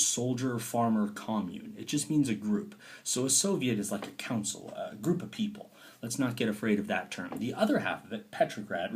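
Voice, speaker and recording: A man teaching a recorded history lesson, lively and talky, now and then dropping to a playful whisper. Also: mid-range voice. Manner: lively, dips into playful whispers and mock quotes.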